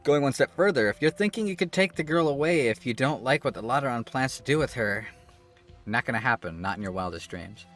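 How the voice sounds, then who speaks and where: A stern, prickly female knight, read aloud by a man with curt, no-nonsense lines. The man keeps a middling pitch. Faint music plays behind him. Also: lively intonation, fairly quick, a bit bright, natural voice. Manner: curt, stern line reading. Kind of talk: reading game dialogue aloud.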